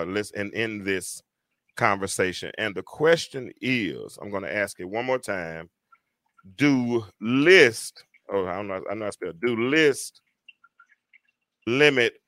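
A man hosting a casual live talk show, talking in a lively, storytelling way. His voice is bright and ringing, and the sound is close and dry with no room behind it. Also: lowish voice, unhurried, dry recording. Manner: animated, laughing storyteller who acts out quotes.

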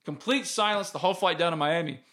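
A man's voice: on the high side, fast, fairly bright tone. A man, hosting a casual sports podcast and telling stories in a candid, rambling way. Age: 30s. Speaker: podcast host.

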